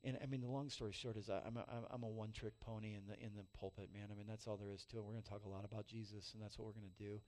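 A pastor in his forties preaching a sermon, telling a self-mocking personal story with loud peaks and soft, emotional drops. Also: on the low side, little pitch movement, rapid-fire, hardly any pauses.

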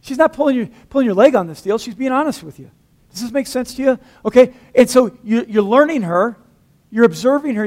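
A man preaching a sermon in a fairly high voice, lively and conversational, with humor mixed in. He acts out dialogue by shifting his voice, and his delivery swings from big and loud to hushed. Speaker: pastor.

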